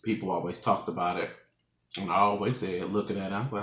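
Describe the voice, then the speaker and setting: Speaking quickly and expressively, this man has a low-pitched, fairly bright voice. He's a twenty-something mukbang vlogger at home, laughing a lot as he rambles through a story for viewers, in a room with noticeable echo.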